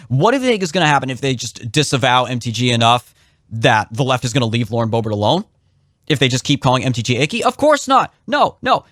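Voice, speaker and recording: A young man talking quickly on a political podcast, his pitch leaping up and down as he drives home opinions. The sound is dry and close, with no room around him. He slips into the voices of people he quotes. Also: dry recording. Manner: animated, opinionated, swings pitch sharply for emphasis. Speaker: podcast co-host. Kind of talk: casual political podcast chat.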